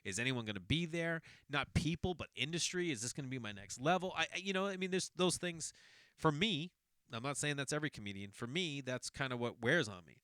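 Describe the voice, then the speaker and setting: A Boston-area man in his forties hosts a podcast, spinning a long personal story in a rambling, casual monologue full of self-corrections. His voice is a little high and fairly quick, with lively intonation and a clear, resonant, slightly bright tone. The recording is studio quality with no room sound.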